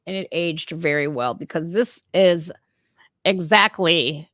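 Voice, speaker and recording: A woman's voice: on the low side, slow, a bit bright, no room sound, studio quality. A woman hosting a reaction channel, giving blunt, profane, casual commentary straight to her viewers.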